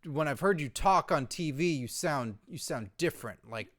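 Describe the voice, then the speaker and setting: A man co-hosting a comedy podcast, playful and quick to tease. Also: fairly high pitch, expressive, fairly bright tone. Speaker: podcast co-host. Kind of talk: casual comedy podcast chat.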